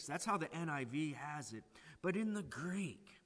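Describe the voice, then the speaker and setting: A man's voice: fairly high pitch, expressive, unhurried. Dramatic preacher man in a reverberant hall. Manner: dramatic, swings from loud pleading to hushed emphasis. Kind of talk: sermon.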